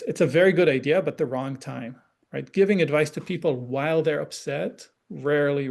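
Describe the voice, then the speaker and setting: Man, parenting educator, conversational explainer, gravelly voice, slightly high pitch, keeps asking "right?". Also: a little mellow. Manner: conversational, often checks in with "right?"; acts out example dialogue in changed voices. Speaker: parenting educator and forum guest. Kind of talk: explanatory online talk.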